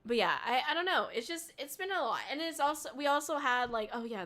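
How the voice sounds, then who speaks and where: Bright-voiced woman streamer, swearing casually. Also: high voice. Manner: rambling, swears often, rapid thanks to viewers; shrieks with excitement on gifts. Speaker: VTuber streamer. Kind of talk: casual live-stream chat.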